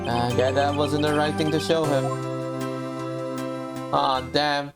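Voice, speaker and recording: A woman's voice: sits low, steady tone, slow pace, pauses often. A woman streaming a game, chatting casually and hesitantly as she thinks aloud. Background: loud game music.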